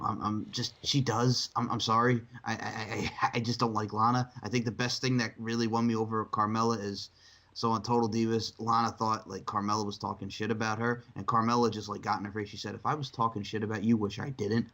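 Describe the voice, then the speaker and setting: Animated swearing man, podcast co-host. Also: brisk. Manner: animated, swearing, jumps into shrill mocking impressions. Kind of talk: casual chat.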